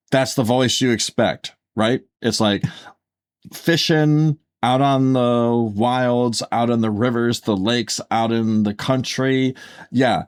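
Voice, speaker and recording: A man co-hosting a casual podcast, talking things through in a rambling way with lots of fillers and restarts. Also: medium pitch. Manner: rambling, filler-heavy, self-correcting. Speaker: podcast co-host. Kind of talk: casual chat.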